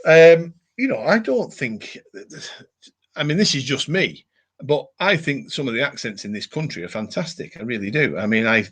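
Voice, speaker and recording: A man's voice: medium pitch, animated, moderate pace, breathy edge. Rambling man. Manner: rambling, many fillers and restarts. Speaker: live stream host. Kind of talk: casual live chat reading viewer comments.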